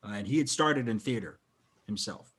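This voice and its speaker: Husky-voiced man hosting a podcast. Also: on the low side, moderate pace, a bit bright. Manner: loose, swearing, talks in bursts with restarts. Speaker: podcast host. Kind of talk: casual chat about a film.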